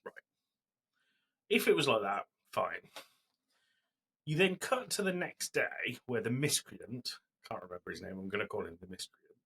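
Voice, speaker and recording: Male co-host, husky forceful voice, loose rambling storyteller. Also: fairly low pitch, sing-song, normal speed, pauses often. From Britain. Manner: rambling storytelling recap with fillers. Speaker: podcast co-host. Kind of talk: casual chat.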